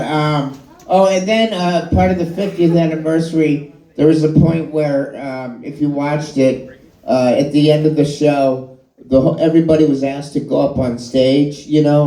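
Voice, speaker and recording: A man's voice: mid-range voice, dark tone. A middle-aged man doing stand-up comedy in a bar and grill, telling rambling, self-deprecating, profane anecdotes. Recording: echoey live room.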